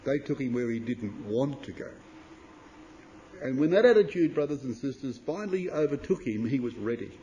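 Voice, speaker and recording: A man preaching a sermon to brothers and sisters, reading scripture in King James wording and swinging from loud emphatic declamation to low, quiet asides. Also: very animated, moderate pace, lo-fi sound, slight background noise. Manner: addresses listeners as brothers and sisters.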